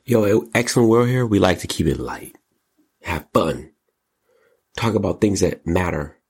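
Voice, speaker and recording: Low husky guy hosting a jokey show, voice all over the place. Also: measured pace. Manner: animated, joking, slangy, breaks into high mock voices. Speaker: host. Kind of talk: comedic commentary show.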